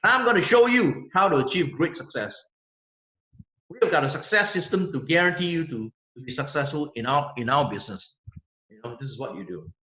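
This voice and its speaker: A man's voice: on the high side, very animated, fairly quick, bright, forceful tone. A man giving a sales training lecture, emphatic and repetitive, often checking in with "okay?". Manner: emphatic, repeats words, tag questions like "okay?". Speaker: business trainer. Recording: echoey room, dull lo-fi sound.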